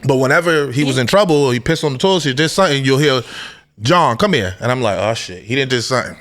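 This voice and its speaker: A man's voice: mid-range voice, very fast, fairly bright tone. A man co-hosting a podcast, telling loose, profane stories about his family in casual chat. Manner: storytelling, loose and profane, acts out family quotes. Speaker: podcast co-host.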